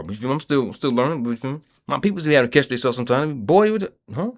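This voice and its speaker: A man's voice: fairly high pitch, animated, quick pace, fairly bright tone. A man delivering a rambling, profane vlog monologue in a streetwise way, often checking in with his listeners. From Kentucky. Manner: streetwise, profane, keeps asking "you feel me". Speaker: vlogger.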